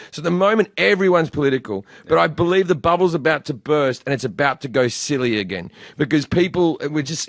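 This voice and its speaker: Australian male comedian host, crude self-mocking banter, slightly high pitch, dry close sound. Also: gravelly, fairly bright tone, dry recording. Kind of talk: casual podcast chat.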